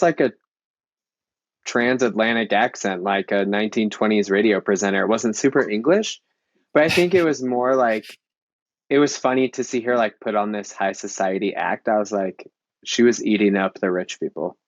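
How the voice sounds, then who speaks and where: A man's voice: on the low side, normal speed, no room sound. Chatty man on a dull, dry line. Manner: loose and chatty, heavy on filler likes. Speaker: podcast panelist. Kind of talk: casual film discussion.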